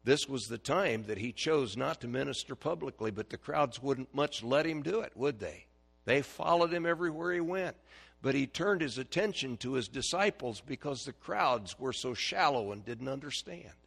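A man's voice: medium pitch, animated, normal speed, vocal fry, fairly bright tone, slightly rough. A man preaching a sermon in church in a folksy way, putting questions to the congregation.

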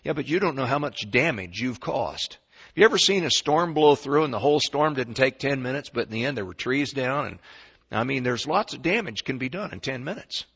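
A man preaching a sermon in a folksy storytelling way, swinging between quiet asides and loud bursts. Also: medium pitch, lively intonation, fairly quick, breathy edge, dull audio.

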